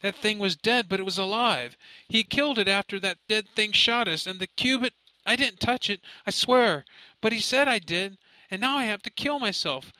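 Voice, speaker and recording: A man's voice: a little high, animated, moderate pace, sharp tone, dry recording, voice pushed up, poor audio. A man voicing a frightened, tearful young man. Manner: pleading, shaky, near tears. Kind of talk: audiobook character voice.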